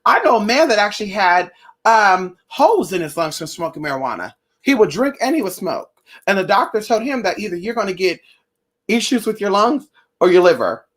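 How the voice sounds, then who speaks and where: A young woman talks straight to her viewers in a casual vlog. She is blunt and profane, and she tells her stories with animation. Her voice sits at a middle pitch. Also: sing-song, fairly quick. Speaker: spiritual vlogger.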